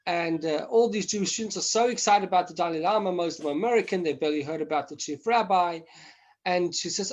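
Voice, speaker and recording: A man with a slightly high voice gives an informal teaching class. He talks haltingly, full of fillers and restarts, and brings stories to life by acting out the people in them. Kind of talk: informal memorial class talk.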